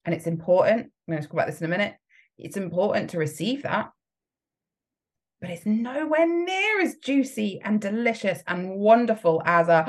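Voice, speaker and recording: A woman's voice: medium pitch, very animated, moderate pace. A woman coach giving a motivational talk, emphatic and frequently laughing as she acts out the voices in people's heads. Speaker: business coach.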